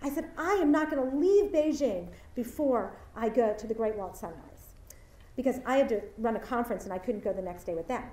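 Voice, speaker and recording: Woman, high voice, animated storytelling speech, roomy hall, heard from afar. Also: a little fast. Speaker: commencement speaker. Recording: echoey hall from far off.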